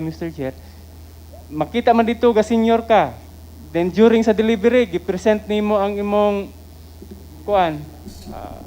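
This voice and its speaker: Filipino accent, city official explaining, careful and hedging, mellow dark voice. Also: mid-range voice, a little hiss or hum, poor audio. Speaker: city official answering council. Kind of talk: council session answer.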